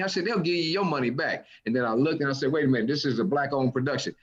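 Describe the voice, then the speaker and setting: A man's voice: medium pitch, racing, dull audio. A man, a stand-up comedian, casually recounting a story about a heckler. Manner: lively, acts out other people's lines. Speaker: comedian co-host.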